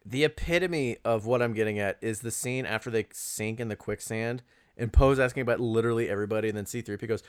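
A man's voice: medium pitch, quick pace, smooth. A man in casual conversation about a film, analytical, often restarting his sentences and quoting scenes. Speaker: podcast co-host.

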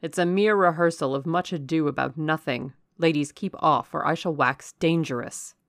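A woman voicing a brusque, commanding gentleman who orders the frightened household to calm down. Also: on the high side, normal speed, no room sound, clean studio sound.

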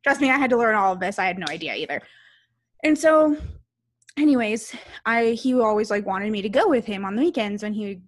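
A woman in her thirties co-hosts a podcast, telling a story in casual chat while laughing, staying animated, and swearing freely. Her voice is medium-pitched and brisk.

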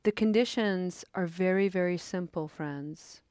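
Soft-spoken lady teacher, slow and calm, lowish voice, dry close sound. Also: smooth, no echo. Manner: slow, gentle and contemplative. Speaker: meditation teacher. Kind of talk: dharma talk and guided meditation.

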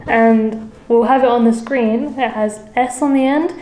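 A woman's voice: on the high side, fairly even intonation, unhurried, a little mellow, reverberant, rough recording. A woman co-hosting a casual language lesson, explaining phrases in English in a chatty, friendly way. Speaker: co-host.

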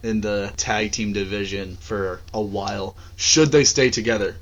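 A man co-hosting a casual wrestling podcast, giving measured opinions with dry asides. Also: lowish voice, steady tone. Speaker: podcast co-host. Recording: dull lo-fi mic.

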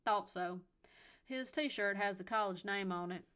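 A woman's voice: medium pitch, fairly even intonation, moderate pace, a bit bright, natural voice. Woman voicing an elderly Southern-accented male cop in an audiobook, patronizing and drawling. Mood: folksy. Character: elderly male Southern police officer, folksy, condescending.

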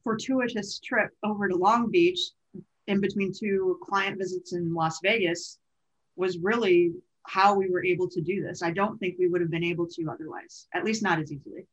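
Woman co-host, chatty and meandering, lowish voice, dull lo-fi sound. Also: steady tone, moderate pace. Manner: chatty, meandering, with fillers and self-corrections. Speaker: podcast co-host. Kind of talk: casual conversational storytelling.

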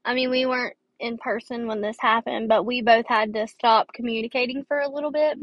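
A young woman talks through her podcast in a loose, rambling way, full of fillers and restarts, tired and dry-throated. Her voice sits a little high. The recording is dry and slightly muffled. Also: steady tone, brisk, dry recording. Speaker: podcast host. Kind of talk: casual advice podcast.

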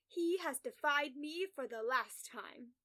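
A woman's voice: sits high, lively intonation, takes it slowly, bright, forceful tone, heavily acted. A woman voicing a volatile, menacing man who speaks with a growl and an irritable, gloating edge.

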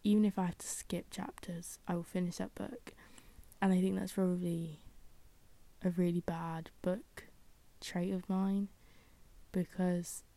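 A young woman rambles through a casual solo podcast, full of fillers and self-deprecating asides. Her voice is low with a gravelly fry. The sound is dry and mellow, with no room around it. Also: no room sound. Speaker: podcast host.

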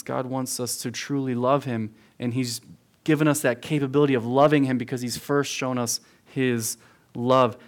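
In a room full of young people, a youth pastor with a mid-range voice works through a sermon verse by verse. He's earnest and emphatic, repeating phrases to drive them home and addressing everyone as "guys."

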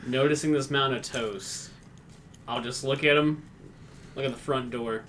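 A man playing a tabletop game and barking orders in character. His voice is bright and sharp, with faint noise behind. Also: mid-range voice, steady tone, normal speed. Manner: bossy, shouting orders in character. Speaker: player. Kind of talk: casual tabletop play.

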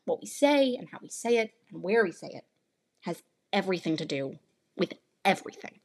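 A woman's voice: medium pitch, fairly bright tone, husky. A woman in her late teens hosting a podcast, delivering a scripted monologue with playful, teasing asides. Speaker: podcast host.

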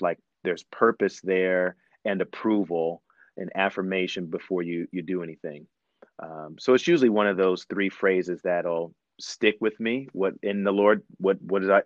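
A preacher describing a devotional practice in a reflective, unhurried way, with many fillers. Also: male voice, low-pitched, no echo, dull audio. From Ohio. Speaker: guest preacher. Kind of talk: phone-in devotional talk.

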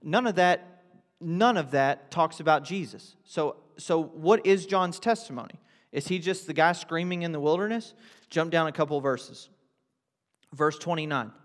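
A man delivers a sermon in a conversational style, firing off rhetorical questions and then hammering points home through repetition. His voice sits a little high for a man. The sound carries the long reverb of a big church hall. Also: normal speed. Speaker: pastor.

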